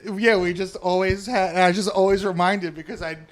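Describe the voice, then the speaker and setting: A man's voice: high voice, steady tone, brisk. A man in casual podcast chat, telling stories in an upbeat way and laughing at his own tales. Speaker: podcast co-host.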